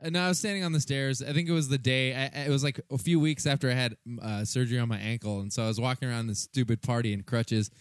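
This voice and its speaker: A man's voice: medium pitch, fairly even intonation, fast talker, few pauses, clear, resonant tone, no room sound. Male podcast co-host, loose rambling storyteller, crude and self-mocking, dry close mic. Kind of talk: casual chat.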